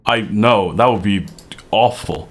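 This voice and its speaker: A man's voice: lowish voice, a little slow. A man, an esports caster, joking and laughing with his co-caster while they wait on a match. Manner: jokey, laughing banter. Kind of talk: casual chat between matches.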